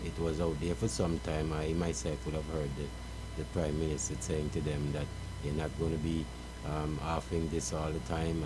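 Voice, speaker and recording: A man's voice: extremely low pitch, background noise. A man chatting casually as talk show co-host, repeating words as he builds his point.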